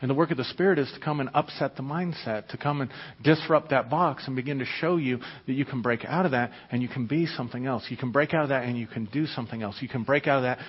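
A pastor preaching a sermon, emphatic and conversational, often asking the listeners questions. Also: male voice, medium pitch, fast talker, hardly any pauses, slightly rough. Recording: echoey hall, dull lo-fi sound.

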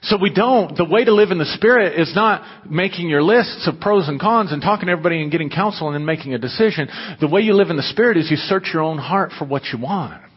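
A man's voice: a little high, expressive, fast talker, few pauses, slightly rough. A man preaching a sermon to his congregation in a conversational manner, breaking into emphatic, raised bursts. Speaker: pastor. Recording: dull muffled audio with long hall reverb.

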